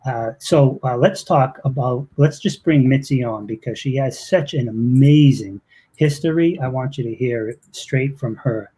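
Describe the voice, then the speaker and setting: A man with a Boston accent hosting a live online interview, chatting loosely with quick asides. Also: mid-range voice, mellow, slightly rough, poor audio. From Boston, USA. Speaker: interview host.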